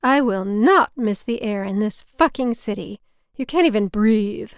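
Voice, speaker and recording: A woman's voice: medium pitch, lively intonation, unhurried, clean tone, no room sound, clean studio sound. A woman putting on the voice of her bossy, theatrical older mother who curses freely. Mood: gruff. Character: blunt, dramatic older mother leaving town.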